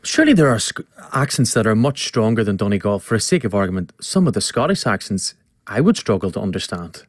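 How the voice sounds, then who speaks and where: A man's voice: lowish voice, very animated, quick pace, no room sound. A man presenting a radio show in a studio, chatty and jokey as he interviews a guest.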